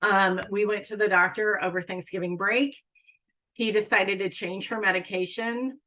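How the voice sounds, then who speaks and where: A woman's voice: medium pitch, fairly even intonation, moderate pace, sharp tone, rough recording. A middle-aged woman counselor telling parents a personal story, candid and plain-spoken with frequent ums. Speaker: school counselor speaking to parents. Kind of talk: parent information talk.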